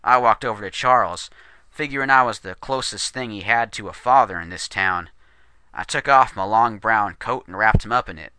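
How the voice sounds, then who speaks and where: A man narrating a western horror story in a steady, descriptive storytelling manner. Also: on the low side, normal speed, clear, resonant tone, no echo.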